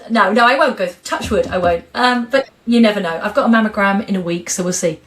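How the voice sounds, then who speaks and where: A woman's voice: mid-range voice, quick pace. A middle-aged woman talking frankly and expressively as an interview guest. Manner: frank, expressive, animated storyteller. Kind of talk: candid interview conversation.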